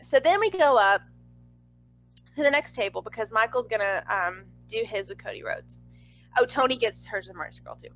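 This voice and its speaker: A woman's voice: on the high side, moderate pace, slight background noise, rough recording. Young woman vlogging, super chatty, says like a lot, voice bounces way up and down. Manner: chatty, excitable, heavy use of "like". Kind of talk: casual storytelling.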